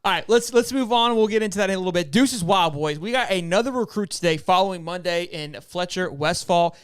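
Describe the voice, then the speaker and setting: Male sports show host, fairly high, smooth voice, joking, restless delivery, dry sound. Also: no echo. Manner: upbeat, joking, repeats words. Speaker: podcast host. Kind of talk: casual sports chat.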